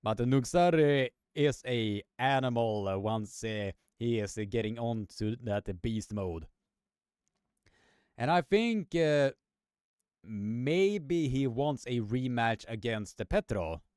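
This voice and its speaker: A man giving live arm wrestling commentary. He talks in a halting way, full of fillers and restarts, and climbs in pitch when the action heats up. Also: animated, a little mellow, clear, resonant tone, dry recording, studio quality. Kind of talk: live sports commentary with chat.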